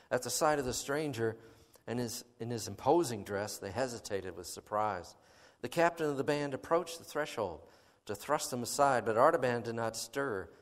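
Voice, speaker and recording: A man's voice: medium pitch, normal speed, in a large hall. A man preaching a sermon, reading a story aloud with dramatic, emphatic delivery and filler words between passages. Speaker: pastor.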